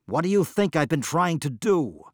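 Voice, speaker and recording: A man's voice: mid-range voice, big pitch swings, measured pace, no echo, clean studio sound. A man voicing a distressed aging farmer who groans and cries out in rising outbursts. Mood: frantic.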